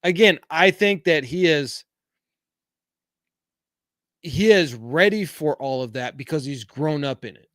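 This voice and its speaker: A man's voice: on the high side, expressive, measured pace, long pauses, fairly bright tone, no echo, clean studio sound. A middle-aged man hosting a casual podcast, reading viewer comments aloud and giving frank, rambling opinions full of fillers. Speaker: podcast host. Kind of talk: casual live-chat podcast.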